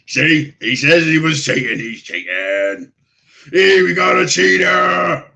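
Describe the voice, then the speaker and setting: A man voicing a brash male orc who bellows his words slowly. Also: a little high, expressive, creaky, bright, forceful tone, voice pushed up, full character voice. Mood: bellowing. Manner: bellowing, drawn-out. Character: loud brash male orc bar patron.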